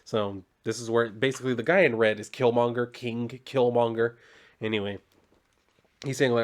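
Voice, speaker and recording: A man's voice: mid-range voice, steady tone, normal speed. A man giving a casual comic book recap, talking loosely with fillers and swearing.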